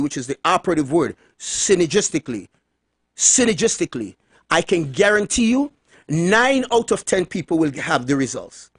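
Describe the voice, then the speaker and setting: Radio host, male, high voice, dry close studio sound, animated storyteller who leans on repeated words. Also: no room sound. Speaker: radio talk show host. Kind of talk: radio monologue retelling a phone call.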